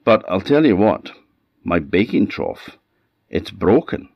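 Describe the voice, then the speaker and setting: A man's voice: low-pitched, sing-song, slow, vocal fry, dry recording, full character voice. A man with an Orkney accent voicing a furious, greedy old peasant wife who shrilly scolds her husband. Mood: scornful. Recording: dull lo-fi sound.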